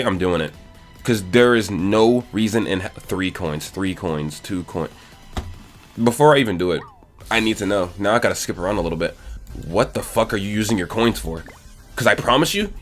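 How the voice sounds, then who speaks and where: A man's voice: on the low side, moderate pace, faint music behind. A young man giving casual gaming commentary, blunt and exasperated as he reviews an account and swears often.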